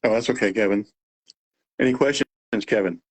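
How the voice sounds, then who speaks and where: A man's voice: on the low side, a little fast, low-quality recording. A man with a Texas accent and a slightly nasal voice, hosting a casual live Q&A and rambling with fillers and restarts. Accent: Texan. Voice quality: a little nasal. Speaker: host of a live radio-monitoring Q&A.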